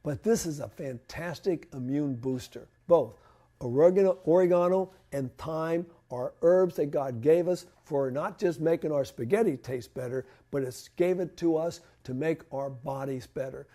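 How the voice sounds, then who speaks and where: A man's voice: a little high, unhurried, few pauses, dark tone. A man giving a conversational church health talk on home remedies, asking and answering his own questions. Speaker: health presenter. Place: church hall.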